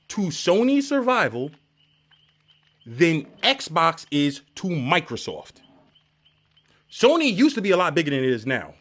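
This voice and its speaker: A man streaming a game and chatting casually, telling stories with lots of profanity and shouting out crowd reactions. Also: on the high side. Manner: profane, animated storytelling with shouted crowd imitations.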